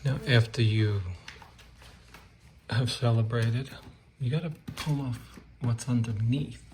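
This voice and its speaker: A man's voice: mid-range voice, steady tone, slow pace, darkish tone, slight background noise. A man installing wallpaper and explaining it in a casual how-to tutorial, joking and playful, often dropping to a murmur while he works. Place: room being wallpapered, indoors.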